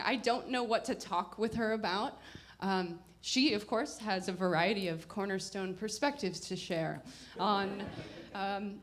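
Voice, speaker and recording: A woman performing a personal story live, in a slow, unhurried delivery. Her manner is wry and reflective, with halting stops between phrases. Her pitch sits in an ordinary middle range. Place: live performance before an audience.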